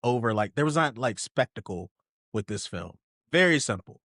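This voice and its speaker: Excitable male podcast host, dry close mic. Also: moderate pace, no echo. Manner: animated, swears for emphasis, jumps up in pitch when excited. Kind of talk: casual chat.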